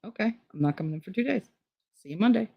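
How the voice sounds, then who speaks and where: A woman's voice: medium pitch, expressive, fast talker, gravelly, no echo, dull audio. A middle-aged woman from Hoboken, telling stories in blunt, profane casual chat on her channel. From Hoboken, New Jersey. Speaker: channel host.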